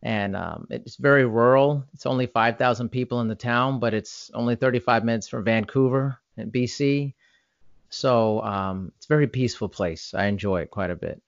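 An American man hosts a podcast interview in an upbeat, chatty way, slowing into deliberate phrasing for the intro. His creaky voice is mid-range, recorded without echo but with the highs cut off.

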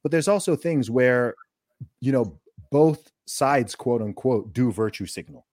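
A man hosting a podcast, talking in a casual, animated way and often repeating words as he starts a thought. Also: medium pitch, a little slow, noisy background. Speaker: podcast host. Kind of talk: casual conversational interview.

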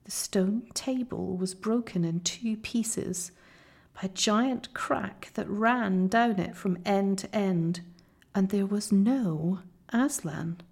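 Woman narrator reading a classic children's story, unhurried, a creaky edge, soft delivery. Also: mid-range voice. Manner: slow, soft storytelling, often near a whisper. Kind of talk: audiobook reading.

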